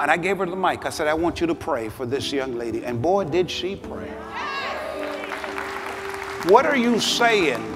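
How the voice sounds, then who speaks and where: Middle-aged preacher guy, high voice, lively storytelling sermon, long echo, music playing behind. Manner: animated storytelling, rising to shouted altar call. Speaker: bishop, pastor. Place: large church sanctuary.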